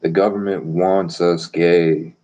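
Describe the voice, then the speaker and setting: A man's voice: low-pitched, little pitch movement, takes it slowly, dark tone, rough recording. A man rambling boastfully and provocatively on a live stream.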